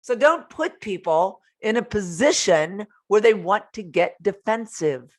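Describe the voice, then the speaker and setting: A woman's voice: mid-range voice, lively intonation, unhurried. A woman hosting a self-help podcast, giving earnest, frank advice and swearing casually. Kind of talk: motivational self-help talk.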